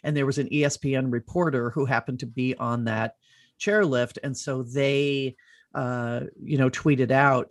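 A middle-aged woman hosting a podcast, telling an animated, rambling story in casual chat and swearing freely. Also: very deep voice, a little slow, no echo, clean studio sound.

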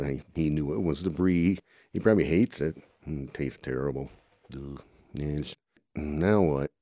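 Man, very low mellow voice, dry recording; rambling improvised storyteller, groans and "oh boy" asides. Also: dry recording. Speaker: storyteller voicing toy characters.

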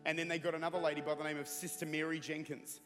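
A man's voice: fairly high pitch, level tone, quick pace, a bit bright. A man in his thirties preaching a sermon, telling a humorous story and building into fervent prayer. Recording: reverberant hall with music.

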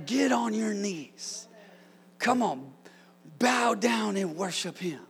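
Male preacher, fired-up sermon delivery, high voice with a gravelly edge, jokes with the room. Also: slow pace. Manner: excitable, shouts commands, jokes with congregation. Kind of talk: energetic sermon.

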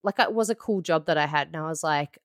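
Deep-voiced and recorded dry in a clean studio, a woman in her thirties co-hosts a podcast. She keeps things casual, spinning stories and readily acting out what people said.

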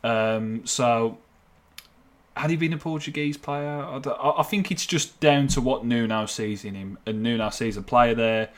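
A man chats casually about football on a podcast, his voice sitting at an ordinary middle pitch. He talks in a halting way, restarting his sentences and pausing often. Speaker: football reporter.

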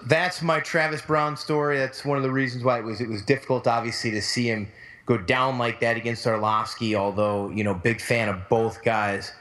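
A man's voice: mid-range voice, steady tone, moderate pace, a bit bright. A man co-hosting a podcast, telling a story casually and acting out the voices of the people in it. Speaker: podcast co-host. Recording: long hall reverb.

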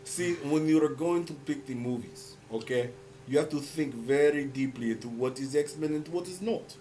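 A man putting on a slow, solemn mock-Russian voice. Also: dark tone, a little hiss or hum, close to an everyday voice, poor audio. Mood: solemn lecturing. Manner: slow, low, solemn broken English. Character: mock-Russian man lecturing slowly and gravely.

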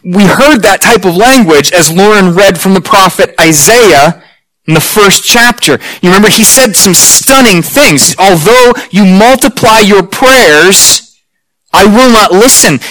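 A man preaching a sermon to his congregation, earnest and emphatic, slowing down for weighty lines. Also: high voice, a bit bright, low-quality recording. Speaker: pastor.

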